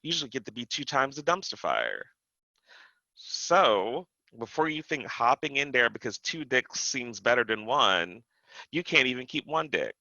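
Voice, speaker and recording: A man's voice: medium pitch, sing-song, moderate pace, pushed and bright, no room sound, dull audio. A man co-hosting a casual podcast chat, giving blunt, direct advice. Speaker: podcast co-host.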